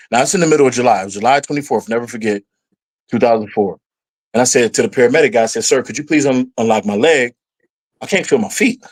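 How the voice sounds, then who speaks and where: A middle-aged man, a podcast guest, telling a personal story in casual conversation, and his voice jumps up when he acts out what he said at the time. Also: poor audio. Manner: animated storyteller, voices his past self rising in pitch.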